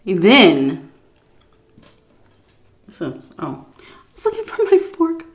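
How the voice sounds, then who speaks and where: A woman food vlogger telling a story while eating, animated, dropping to muttered asides and swearing casually. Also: mid-range voice. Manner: pauses for chewing and stomach noises while talking.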